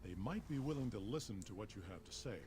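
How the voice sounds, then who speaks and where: A man voicing a calm super mutant town leader in a video game, speaking in clipped, matter-of-fact sentences. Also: on the low side, fast talker, natural voice. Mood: weary. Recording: noisy game audio capture.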